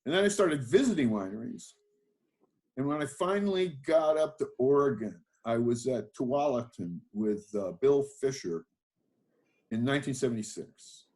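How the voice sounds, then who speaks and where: An older man sits for an interview and tells his life story, wandering from one memory to the next. He talks in a loose, self-deprecating way, with many fillers and false starts. His voice sits at an ordinary middle pitch. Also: expressive, normal speed, a little mellow. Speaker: guest, winemaker.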